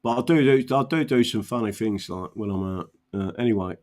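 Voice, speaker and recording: A man's voice: on the low side, fairly quick, darkish tone. A man from South London with a South London accent, chatting casually and telling rambling anecdotes, often adding "right?". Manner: rambling, anecdotal, frequent "right?" asides and laughs. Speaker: political livestream host. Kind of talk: casual chat, storytelling.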